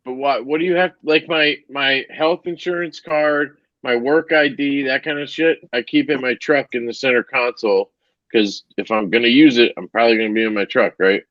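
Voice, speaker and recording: A man's voice: mid-range voice, fairly even intonation, moderate pace, no echo, lo-fi sound. A man chatting loosely on a podcast, joking and swearing as he talks. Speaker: podcast co-host. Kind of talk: casual podcast chat.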